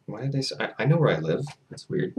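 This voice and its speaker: A young man vlogging casually, retelling a story and chatting in a rambling, animated way with frequent restarts. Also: medium pitch, quick pace, background noise.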